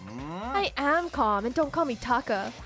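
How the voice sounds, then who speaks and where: A hot-blooded young male delinquent booms out slow, emphatic declarations in a raised, pushy voice, acted by a woman. It is game dialogue read over faint music. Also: expressive, fairly bright tone. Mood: fired up.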